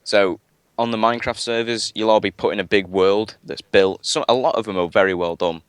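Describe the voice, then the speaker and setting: Deep-voiced rambling man. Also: brisk, clean tone, no room sound. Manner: rambling, chatty, many fillers and restarts. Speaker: guest gamer. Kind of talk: casual live-stream chat.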